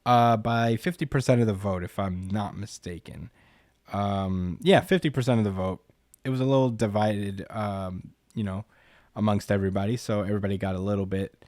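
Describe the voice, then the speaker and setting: A man's voice: fairly low pitch, steady tone, moderate pace, darkish tone, no room sound, studio quality. Young man recapping in a loose casual chat. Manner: loose, filler-heavy storytelling. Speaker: podcast co-host.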